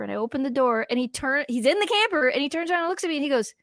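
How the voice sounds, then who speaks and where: A woman co-hosting a podcast, telling a story in casual chat, animated and laughing often as she acts out what people said. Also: sits high, very fast, no echo. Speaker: podcast co-host.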